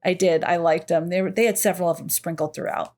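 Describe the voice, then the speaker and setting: A woman's voice: fairly low pitch, quick pace. Woman, podcast co-host, casual movie chat, giggly, acts out quotes. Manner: giggly, quotes lines in animated voices.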